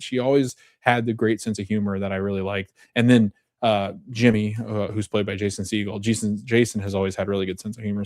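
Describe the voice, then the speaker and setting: A man with a lowish, darkish voice hosts a podcast, retelling a TV episode in a casual, rambling way. He often corrects himself and chuckles as he recounts scenes. The studio sound is clean, with no echo.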